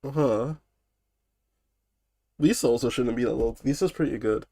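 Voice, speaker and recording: A man's voice: medium pitch, normal speed, warm tone, dry recording, studio quality. A man casually reacting on a live stream, swearing and scoffing in disbelief. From United Kingdom. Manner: incredulous, swearing, laughing mockery.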